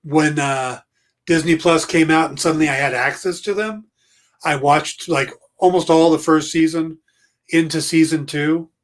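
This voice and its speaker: A man co-hosting a podcast, chatting casually in a relaxed, slightly hesitant way. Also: on the high side, a little slow. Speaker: podcast co-host. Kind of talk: casual chat.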